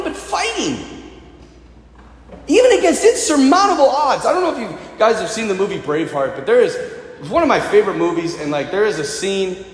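A man preaching a sermon as a priest, energetic and impassioned, in a church. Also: fairly high pitch, a little hiss or hum. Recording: echoey church hall reverb.

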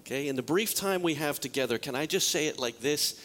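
A man's voice: on the high side, a little fast, a little hiss or hum. A male pastor preaching a sermon in a joking way, asking the congregation many questions. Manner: lively, joking, rhetorical questions.

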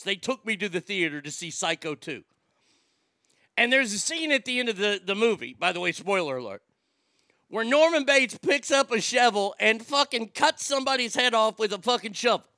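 A man's voice: very high-pitched, pushed and bright, no room sound, clean studio sound. A man telling a story as an angry, swearing rant, heated and indignant.

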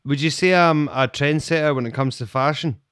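A man's voice: a little high, normal speed, a bit bright, clean tone, no room sound, studio quality. A man hosting a podcast, bantering in a cheeky, teasing way. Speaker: podcast host. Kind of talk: playful casual chat.

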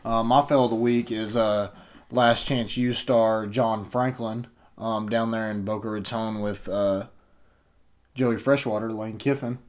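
A young man co-hosting a casual sports podcast, relaxed and agreeable with many fillers. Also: fairly low pitch, a little slow. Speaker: podcast co-host.

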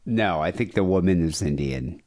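A man's voice: low-pitched, animated, moderate pace, darkish tone. A man hosting a podcast, chatting casually and sarcastically about calls. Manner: sarcastic, joking. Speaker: podcast host.

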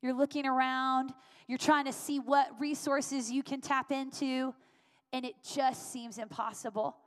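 Woman pastor preaching, kinda high voice, lots of repeating for emphasis, big church reverb. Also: little pitch movement, unhurried. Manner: earnest, repetitive emphatic preaching. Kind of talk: sermon. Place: church sanctuary. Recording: long reverb of a church hall.

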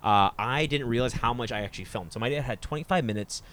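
A man in his thirties chatting casually, telling crude family jokes with loose restarts. His voice sits at an ordinary middle pitch. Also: quick pace, a bit bright. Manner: crude joking storyteller, many restarts. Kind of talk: casual chat.

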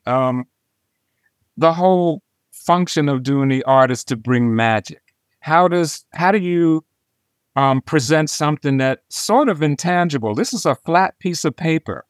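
A man who is an illustrator and interview guest, telling a story and acting out the dialogue in an animated way. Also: medium pitch, no echo, studio quality. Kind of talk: storytelling in conversation.

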